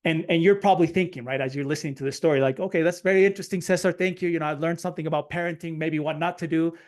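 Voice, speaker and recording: A middle-aged man telling a personal story in a webinar talk, animated, acting out quotes with stammered restarts. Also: on the high side, racing. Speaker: webinar speaker.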